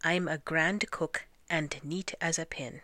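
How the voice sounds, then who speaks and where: A woman's voice: deep voice, steady tone, slow pace, pushed and bright, no room sound, exaggerated voice. A woman reading a storybook aloud and voicing a plucky young peasant girl with folksy, dryly doubtful replies. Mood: wry.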